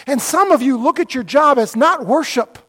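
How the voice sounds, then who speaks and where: A middle-aged male pastor giving an animated, conversational sermon full of mock dialogues. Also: extremely high pitch, moderate pace.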